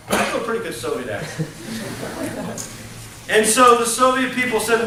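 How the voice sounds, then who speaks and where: A man's voice: extremely high pitch, big pitch swings, normal speed, long pauses, pushed and bright, slight background noise. A male college lecturer giving a conversational classroom lecture, tagging his points with "okay?" and "right?", recorded on a distant mic in an echoey classroom. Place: lecture room.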